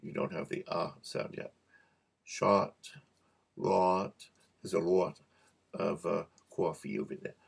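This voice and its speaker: A man teaching a cueing lesson, repeating practice words slowly and joking softly as he goes. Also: low voice, fairly even intonation. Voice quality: gravelly. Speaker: cueing instructor. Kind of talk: relaxed teaching to camera.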